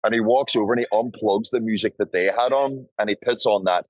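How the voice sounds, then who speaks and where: Swearing, animated man telling a story. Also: lowish voice, brisk, no room sound, highs cut off. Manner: animated storyteller, acts out voices, swears freely. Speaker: podcast guest. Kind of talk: casual storytelling. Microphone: podcast studio mic.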